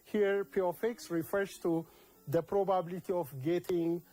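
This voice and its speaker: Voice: mid-range voice, level tone, normal speed, mellow, poor audio. A math teacher with an Ethiopian accent giving a recorded lesson, repeating key words and checking in with "okay?" after each step.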